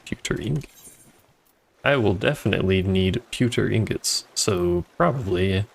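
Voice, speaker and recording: A man's voice: on the low side, big pitch swings, normal speed, gravelly. A man streaming a video game, talking casually with wry grumbling and swearing. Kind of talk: casual gameplay commentary.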